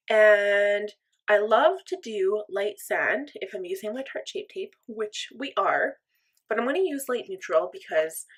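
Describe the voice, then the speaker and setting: With a mid-range voice that has a breathy edge, a young woman talks her way through a makeup tutorial. As a vlogger, she keeps things chatty, cheerful, and self-deprecating.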